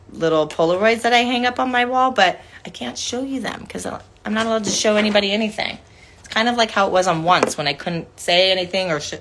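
A woman in her forties with a lowish, slightly bright voice sounds tired as she chats casually on a phone livestream from a room at home with couches. An actress, she thanks her fans, reads their cards aloud, and fills her talk with "like".

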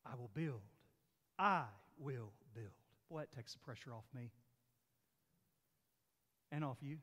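A man's voice: mid-range voice, normal speed, darkish tone, in a large hall. A man preaching a sermon as pastor, with an emphatic, repetitive delivery. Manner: emphatic, repetitive preaching with rising and falling force. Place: church sanctuary.

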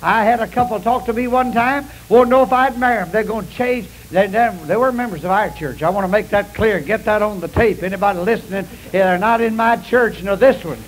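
High-voiced older preacher on tape. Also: male voice, a little fast, few pauses, poor audio. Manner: folksy, emphatic preaching with repetitions. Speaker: pastor. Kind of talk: sermon. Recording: faint noise, old sermon tape.

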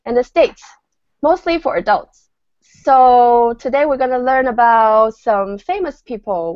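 A woman from China teaching a language lesson online, patient and clear, repeating words slowly for her learners. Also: a little high, no room sound. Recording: dull lo-fi video call audio.

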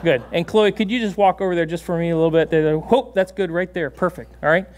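A man preaching a sermon in a church, animated and laughing often, giving commands to a dog on stage. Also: on the high side, fast talker, slight background noise. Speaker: pastor. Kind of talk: sermon with a live dog demonstration. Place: church sanctuary.

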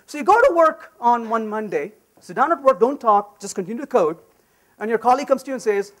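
A man's voice: very high voice, brisk. A man giving a live technical conference talk, joking with the audience and often asking "right?". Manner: animated and joking, repeats "right?". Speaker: conference speaker.

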